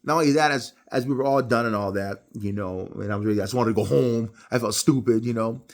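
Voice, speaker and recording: A middle-aged man giving a casual Bible devotional talk, telling personal stories with animated, rising delivery. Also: quick pace. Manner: animated storytelling, jumps high when acting out others. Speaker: preacher.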